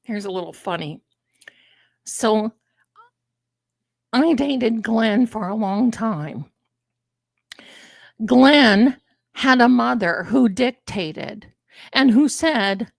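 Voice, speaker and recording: This older live-stream host, who does tarot and commentary, talks extremely slowly in a slightly high, creaky, expressive voice, pausing often. Her casual chat keeps digressing into personal stories, and there's no echo.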